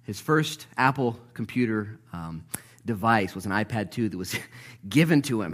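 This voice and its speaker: Animated preaching man, lively pitch swings. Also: moderate pace. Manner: animated preaching that acts out the Bible characters' voices, with jokes. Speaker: pastor. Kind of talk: sermon. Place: church before a congregation.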